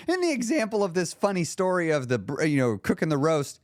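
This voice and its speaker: A man's voice: high voice, animated, brisk, hardly any pauses, no room sound, studio quality. A man hosting a podcast as a weight-loss coach, telling stories in a casual, motivational way with occasional swearing. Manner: conversational storyteller, occasional swearing.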